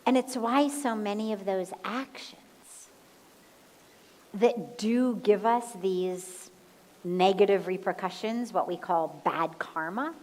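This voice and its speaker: Slow, calm woman spiritual teacher. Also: medium pitch, rough recording. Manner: calm, measured, guides breathing aloud. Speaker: spiritual teacher answering questions. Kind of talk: slow, gentle satsang talk. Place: satsang hall.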